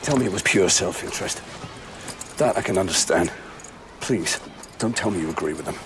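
A man's voice: low voice, expressive, brisk, noisy background. An actor playing a bitter, sardonic male psychotherapist in a film scene, sarcastic and wide-ranging in tone. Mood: pleading. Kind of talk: film dialogue.

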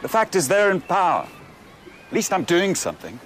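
A man's voice: high-pitched, huge pitch swings, moderate pace, fairly bright tone, slight background noise, full character voice. An actor playing a male professor in a film scene, hesitant and defensive as he justifies himself. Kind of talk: film dialogue.

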